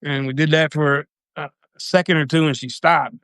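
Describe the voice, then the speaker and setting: A man tells a personal story on a livestream in a loose, rambling way, swearing freely. His voice sits a bit high and comes across smooth and clear. The sound is dry and close. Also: fairly even intonation, normal speed, a bit bright, no room sound. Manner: profane, rambling, loose retelling.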